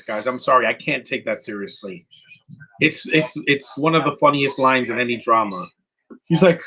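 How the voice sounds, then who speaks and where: A man giving casual live movie commentary, rambling and answering viewers' questions with quick opinions. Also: mid-range voice, a bit bright, breathy edge, rough recording.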